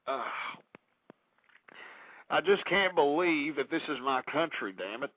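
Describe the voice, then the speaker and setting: A man's voice: a little high, lively intonation, slow pace, pauses often, no room sound, phone-quality sound. A male talk radio host ranting in distress, groaning and moaning between his complaints. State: distressed and pained.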